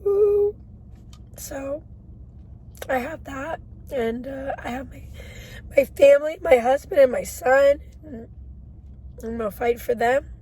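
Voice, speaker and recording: A woman in her twenties talking in a personal video diary, halting and emotional, with many pauses. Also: high voice, mellow, slight background noise, low-quality recording. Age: 20s. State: shaky. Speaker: vlogger.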